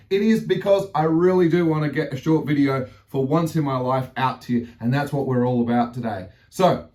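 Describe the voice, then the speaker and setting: A chatty man hosts a hobby unboxing video, his voice sitting a little high for a man. He talks enthusiastically and breaks into theatrical exclamations. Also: fairly quick, few pauses, a little mellow. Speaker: model railway channel host. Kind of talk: casual unboxing vlog.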